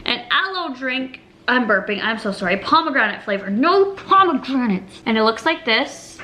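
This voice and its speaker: A woman's voice: high voice, big pitch swings, moderate pace, bright, forceful tone. A woman food vlogger chatting casually in a home kitchen, bubbly and giggly as she cooks and tastes.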